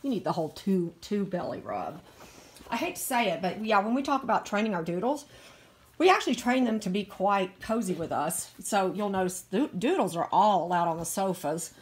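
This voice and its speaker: In a sing-song, medium-pitched voice at normal speed, a middle-aged woman coos at a puppy. She breeds dogs in Virginia, USA, and this casual phone video catches her gushing, doting baby talk.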